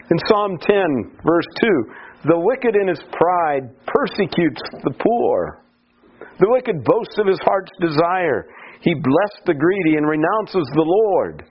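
A man preaching at an unhurried pace, his voice pitched a little high and rising and falling widely as he lifts into pleading cries over the scripture. The recording sounds dull and lo-fi, like an old radio broadcast. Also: animated, husky. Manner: slow, deliberate preaching, rising to pleading cries on quoted psalms. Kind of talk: sermon.

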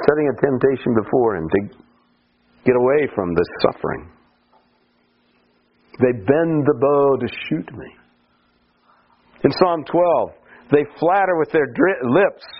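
A man preaching at an unhurried pace, his voice pitched a little high and rising and falling widely as he lifts into pleading cries over the scripture. The recording sounds dull and lo-fi, like an old radio broadcast. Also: lively intonation, husky. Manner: slow, deliberate preaching, rising to pleading cries on quoted psalms. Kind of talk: sermon.

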